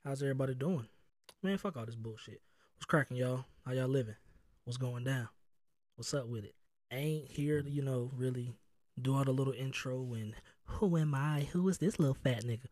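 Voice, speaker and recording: A man's voice: medium pitch, moderate pace, darkish tone, no echo, studio quality. A man with a Southern US accent hosting his own podcast from home, talking loose and profane with street slang and jokes. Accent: Southern US (North Carolina). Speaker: podcast host. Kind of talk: casual chat.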